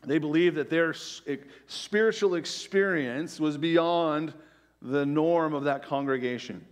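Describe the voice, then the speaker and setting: A middle-aged male pastor preaching a conversational sermon, peppered with "right?" asides and dropping to a soft hush on key phrases. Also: a little high, measured pace. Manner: drops to quiet, soft emphasis on key phrases.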